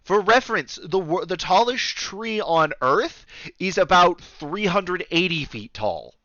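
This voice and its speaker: A man's voice: sits high, lively intonation, measured pace, pushed and bright, no room sound, lo-fi sound. A man narrating a tabletop game as game master, loose and casual. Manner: loose, swearing, drawling "y'all".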